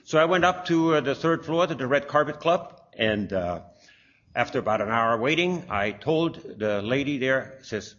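A man's voice: medium pitch, lively intonation, moderate pace, fairly bright tone. An older man telling a long personal testimony, rambling with fillers and restarts. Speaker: speaker sharing a personal testimony. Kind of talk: anecdotal storytelling. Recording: dull lo-fi recording.

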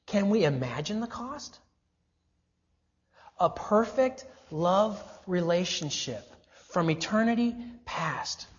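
A man delivering a sermon in an emphatic voice. He leans on rhetorical questions and slows right down to stress the key phrases. The recording sounds dull and lo-fi, with the top end missing. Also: high-pitched, very animated. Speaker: preacher.

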